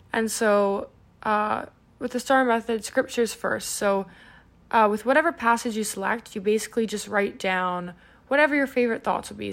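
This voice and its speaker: A woman's voice: mid-range voice, vocal fry. Chatty young woman hosting a podcast. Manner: chatty, many "um"s and "like"s. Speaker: podcast host. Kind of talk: casual devotional podcast talk.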